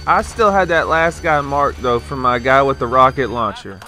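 A man's voice: mid-range voice, normal speed, hardly any pauses, bright, forceful tone, faint music behind. A young man giving casual gameplay commentary, ranting and sarcastic, with frequent swearing.

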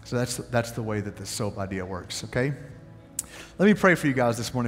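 A man's voice: mid-range voice, a little fast, in a large hall, faint music behind. A man preaching a sermon as pastor, telling a story and asking the congregation questions. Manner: animated storytelling, asks the audience questions. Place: church sanctuary.

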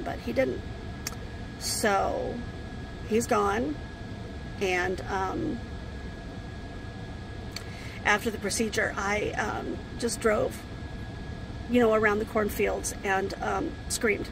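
A grieving woman vlogging from inside her RV, speaking haltingly with many pauses and fillers. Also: mid-range voice, fairly even intonation, background noise. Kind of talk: casual talk to camera.

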